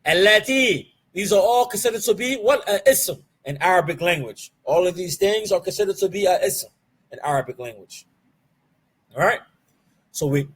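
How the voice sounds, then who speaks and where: A man teaching an online Arabic grammar class. He asks the class questions and answers them himself, drills key terms slowly and mixes Arabic terms into his English. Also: high-pitched, a bit bright, breathy edge. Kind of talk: live online class lecture.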